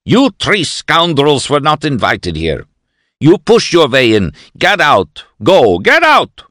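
A man's voice: fairly low pitch, very animated, a little slow, fairly bright tone, no room sound, studio quality. A man voicing a small, older male professor who scolds in a stern, formal way. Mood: furious.

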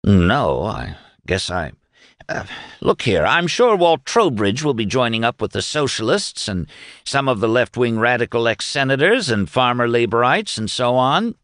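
A man's voice: medium pitch, big pitch swings, normal speed, fairly bright tone, no echo, studio quality, pitched above the performer's own voice. A man voicing a stubborn older retired newspaper editor who speaks hesitantly and then curtly. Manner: hesitant, then curt and defiant.

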